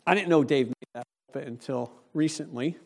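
A male pastor preaching a sermon in a church, animated and conversational, speaking directly to the congregation. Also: mid-range voice, fairly quick, creaky.

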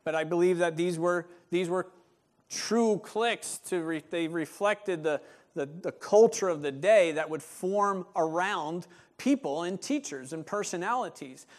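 A man, a pastor, preaching a sermon in a lively manner and acting out what members of the church might say. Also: sits high, a little slow. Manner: animated, acts out voices of church members.

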